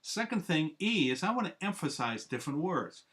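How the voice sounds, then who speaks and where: A man's voice: on the high side, big pitch swings, moderate pace, a bit bright. Earnest man teaching step by step. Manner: earnest, methodical teacher, lays out steps. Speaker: discipleship trainer. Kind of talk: instructional training talk.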